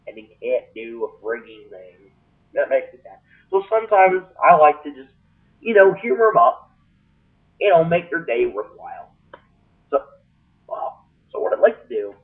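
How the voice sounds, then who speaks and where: A man vlogging to his webcam in a rambling, jokey monologue that is full of restarts. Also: medium pitch. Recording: distant tinny webcam mic.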